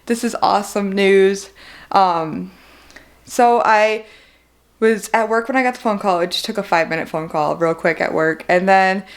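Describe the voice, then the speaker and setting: A woman's voice: mid-range voice, normal speed, clear, resonant tone. A young woman giving an emotional vlog update, fighting back tears and laughing nervously as she talks. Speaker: vlogger.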